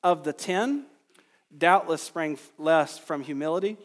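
A man preaches an expository sermon in an earnest, emphatic way. His voice sits somewhat high and climbs at the points he stresses. The sound carries a long reverb from the hall. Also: unhurried. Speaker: pastor.

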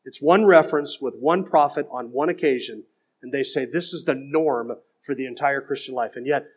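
A man's voice: medium pitch, normal speed, husky. A middle-aged man preaching a sermon, reading out quotes and rebutting them with emphatic, critical preaching. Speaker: pastor.

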